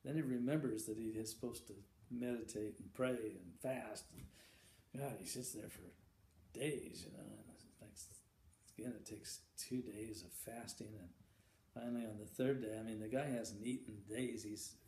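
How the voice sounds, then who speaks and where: A man spinning a long shaggy-dog joke in a halting, stop-start way, repeating his words and chuckling along. His voice is mellow and dark. An echoey room and a faint hum of ambience sit around him. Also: fairly low pitch. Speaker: joke teller.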